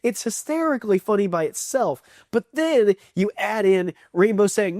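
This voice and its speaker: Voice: medium pitch, lively intonation, normal speed, darkish tone, no echo. Rambling, enthusiastic cartoon reviewer. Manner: enthusiastic, rambling, acts out quotes. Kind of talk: casual video review.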